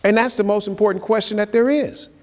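A man preaching a sermon, firing rhetorical questions at the congregation and swinging between loud high emphasis and low quiet asides. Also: fairly even intonation, quick pace. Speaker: pastor. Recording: long reverb of a large hall.

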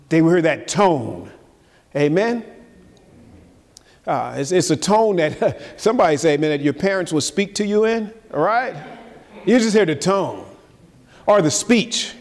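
A man's voice: very animated, a little slow. Preaching man in a reverberant hall. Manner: call-and-response, rhetorical questions to the congregation; swings between loud high emphasis and low quiet asides. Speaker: pastor. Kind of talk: sermon. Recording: long reverb of a large hall.

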